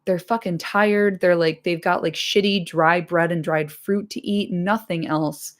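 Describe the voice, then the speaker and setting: A woman streamer chatting casually to her live audience after a reading, enthusiastic and swearing freely, her voice slightly hoarse. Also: lowish voice, fairly even intonation, measured pace. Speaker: streamer reading a book aloud.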